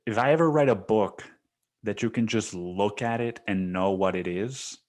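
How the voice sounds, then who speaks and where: A man's voice: on the low side, moderate pace, darkish tone. A young man hosting a podcast, talking alone in a rambling, profane, casual way and saying "dude" often. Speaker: podcast host. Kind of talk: casual solo monologue.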